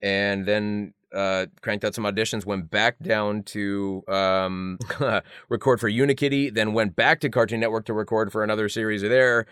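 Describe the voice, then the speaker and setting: A middle-aged male voice actor, a guest in a casual interview, telling animated, self-mocking stories with lots of fillers. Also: fairly low pitch, normal speed, hardly any pauses, clean tone, dry recording, studio quality.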